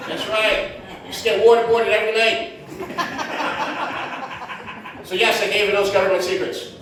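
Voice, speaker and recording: On stage at a comedy club, a Puerto Rican-heritage comic talks fast in a high voice with a flat delivery, staying brash and chatty and dropping "man" and "right?" throughout. The audience laughs, and the sound is echoey and distant, as if captured from far back in the club.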